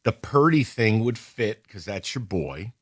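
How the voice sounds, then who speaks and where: A man hosting a sports radio show in a studio, bantering excitably with his co-hosts. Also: fairly low pitch, husky, no room sound. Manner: excitable, quick banter, whoops when right. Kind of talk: casual sports talk.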